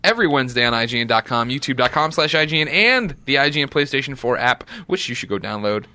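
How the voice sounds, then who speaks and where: Fast, bright-voiced male podcast host. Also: mid-range voice, animated. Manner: brisk and playful, reads show plugs fast. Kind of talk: casual podcast chat.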